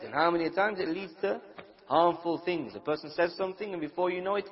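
A man gives a religious lecture and quizzes his listeners. He acts out small quarrels as he goes, in a somewhat high voice. The recording sounds dull and lo-fi. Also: fairly quick, big-room sound. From United Kingdom. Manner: asks the audience questions, acts out everyday quarrels. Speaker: Islamic preacher. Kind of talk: religious lecture to a live audience.

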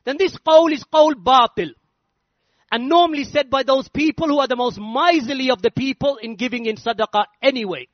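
A man with a strikingly high voice delivers a religious lecture, pressing each point home with emphatic repetition. The recording is dull and lo-fi, with a dry, close sound and no room echo. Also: brisk. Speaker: Islamic lecturer.

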